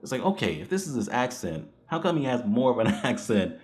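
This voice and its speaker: A man's voice: mid-range voice, very animated, fairly quick. A man giving a casual spoken movie review, rambling and chuckling as he goes. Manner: rambling, with frequent chuckles and fillers.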